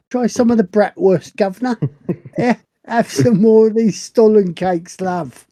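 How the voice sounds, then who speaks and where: A man's voice: sits high, extremely slow, warm tone, pitched above the performer's own voice, heavily acted. A man voicing a cheeky British barman who calls people love and banters in a mock-offended way.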